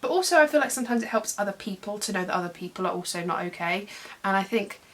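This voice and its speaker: A woman's voice: mid-range voice, expressive, quick pace, a bit bright. A young woman, chatting in a rambling, self-deprecating way as she does her makeup for a get-ready-with-me video at home. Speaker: beauty vlogger. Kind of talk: casual get-ready-with-me chat.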